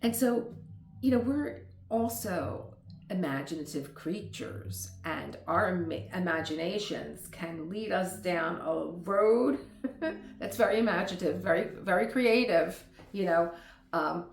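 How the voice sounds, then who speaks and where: A woman's voice: fairly low pitch, unhurried, creaky, reverberant. A middle-aged woman vlogger talking casually at home, rambling into tangents and laughing often. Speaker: lifestyle vlogger. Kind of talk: casual chat.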